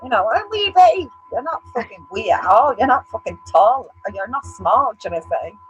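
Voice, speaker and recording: A woman's voice: medium pitch, moderate pace, dull audio, faint music behind. A woman co-hosting a casual chat show, blunt and sweary, acting out what others say about her. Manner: blunt, sweary, animated, acts out other people's remarks. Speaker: co-host.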